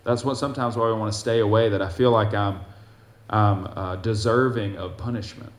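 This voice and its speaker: A man preaching a sermon, reading scripture aloud with force and dropping to soft, gentle asides. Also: fairly low pitch, steady tone, brisk, echoey room.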